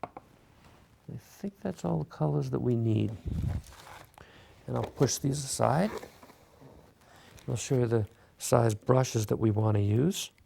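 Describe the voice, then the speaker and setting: Guy walking you through a clay sculpting tutorial, kinda gravelly, mellow dark voice, laid back. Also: mid-range voice, takes it slowly, pauses often, a little hiss or hum. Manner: relaxed, talks while working, many fillers. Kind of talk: step-by-step craft tutorial.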